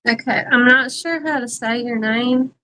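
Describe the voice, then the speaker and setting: A woman's voice: a little high, normal speed, bright, forceful tone, low-quality recording. A woman with a Southern US accent co-hosting a casual beekeeping live chat, chatty and emphatic, laughing often. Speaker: beekeeping livestream co-host.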